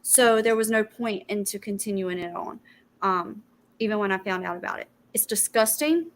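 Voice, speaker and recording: A woman's voice: medium pitch, moderate pace, a little hiss or hum. A woman hosting a casual panel livestream over a video call, talking bluntly and emphatically. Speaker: livestream host.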